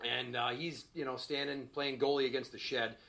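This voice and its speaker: Man, 30s, stand-up comic, bright ringing voice, profane, exasperated, handheld mic. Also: medium pitch, little pitch movement, moderate pace, creaky. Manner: profane, exasperated storytelling, voices his young son. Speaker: stand-up comedian. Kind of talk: stand-up comedy set. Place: small comedy stage before a live audience. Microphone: handheld microphone.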